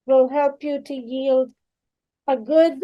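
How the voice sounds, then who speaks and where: A middle-aged woman co-hosting a podcast, chatting casually and giving parenting advice in a calm, plain way. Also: high-pitched, slow pace, lo-fi sound, crowd noise. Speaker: podcast co-host. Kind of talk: casual chat.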